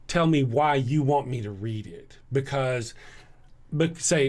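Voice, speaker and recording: A man with a Southern US accent, hosting a casual livestream and answering chat. He sounds tired, talks bluntly and sarcastically, and clears his throat often. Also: on the high side, lively intonation, a little slow, a little mellow. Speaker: livestream host reading chat.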